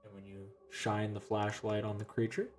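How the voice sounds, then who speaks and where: A man's voice: on the low side, monotone, moderate pace, soft background music. A man narrating as game master of a tabletop game in a casual, easygoing manner.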